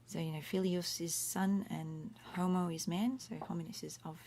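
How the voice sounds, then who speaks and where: A warm, lowish, steady voice at normal speed belongs to a middle-aged Australian woman teaching Latin on a chatty livestream. She works from a room at home, slight room noise present, explaining words individually and pausing to remark as she goes.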